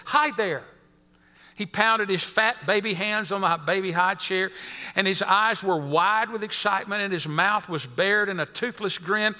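High-voiced preacher in a reverberant hall. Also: male voice, bright, forceful tone. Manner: preaching, reading a story aloud to the congregation. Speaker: pastor. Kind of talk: sermon.

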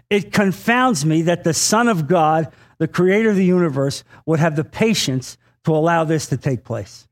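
In his sermon, a pastor addresses his congregation directly and earnestly, leaning on repeated phrases for emphasis and filling pauses with "uh." His pitch is fairly high and his intonation lively.

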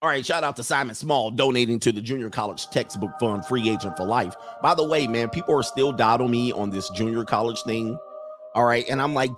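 Guy rambling on his stream, slangy, keeps laughing, mid pitch, dead dry audio. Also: fairly quick, dry recording, faint music behind. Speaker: online coach and streamer. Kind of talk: casual livestream chat.

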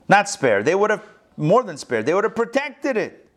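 Rabbi, male, fairly high voice; lively teacher who keeps quizzing his class. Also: moderate pace. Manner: animated, rhetorical questions to the class. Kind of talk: interactive lesson.

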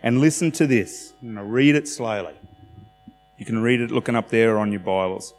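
A man's voice: mid-range voice, normal speed. A man preaching in an easygoing, conversational way, acting out the lines he quotes and laughing at himself. His voice carries a long hall reverb, with faint music playing underneath. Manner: conversational, self-deprecating, acts out quotes. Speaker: pastor. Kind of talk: sermon.

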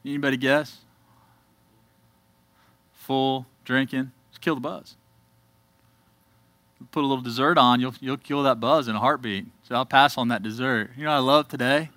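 A man preaching to a congregation, telling his own story with earnest emphasis and quiet asides. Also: medium pitch, moderate pace, long pauses, no room sound. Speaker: church speaker giving a testimony. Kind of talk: testimony sermon.

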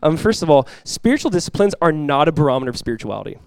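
A young adult man preaching a sermon as pastor, energetic and conversational, often restarting his phrases. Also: a little high, rapid-fire, creaky, dry recording.

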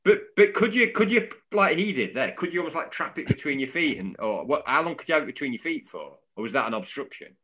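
Man, podcast co-host, casual football chat, bright voice, jokey. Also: on the high side, fast, few pauses. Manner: animated, jokey, laughs often.

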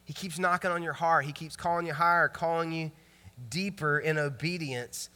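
Bright-voiced animated male pastor. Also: fairly high pitch, moderate pace, clear, resonant tone. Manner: animated, conversational storytelling. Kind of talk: sermon. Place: church sanctuary. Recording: long reverb church hall.

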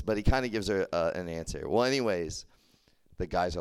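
A man's voice: on the low side, a little fast, smooth. A young man from Texas, preaching a casual youth sermon, chatty and full of "like" and restarts. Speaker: campus ministry preacher.

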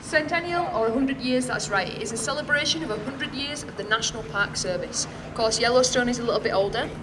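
A woman park ranger addresses a crowd of visitors in an upbeat way, throwing questions out to them. Her voice sits a little high and comes from well away from the microphone. Plenty of background noise surrounds her. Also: fast talker. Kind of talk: speaking to a crowd. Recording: distant and noisy field recording.

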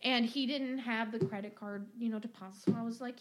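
Animated woman telling a rambling story. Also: fairly high pitch, a little fast, very noisy. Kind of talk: casual chat.

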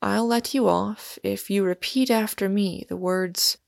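Storybook role: a severe, roguish young man, read by a woman, slow and deliberate, with a gravelly edge. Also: mid-range voice, steady tone, dry recording, studio quality. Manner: severe, mocking authority. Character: stern, roguish young man holding a pistol.

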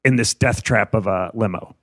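A man telling a comic story in casual chat, animated and laughing often. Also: on the low side, normal speed, no echo, clean studio sound. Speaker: comedian guest.

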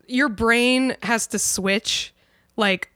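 Woman podcast co-host, bright and somewhat high voice, dry close sound, chatty and laughing. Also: extremely slow, dry recording. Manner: chatty, laughs often, many "like" fillers. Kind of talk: casual chat.

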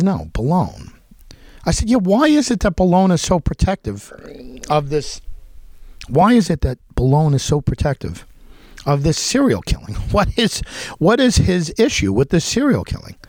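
A man's voice: medium pitch, dry recording. A man telling a rambling, unscripted story, with many restarts and quoted voices acted out. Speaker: podcast host telling a story. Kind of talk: unscripted spoken monologue.

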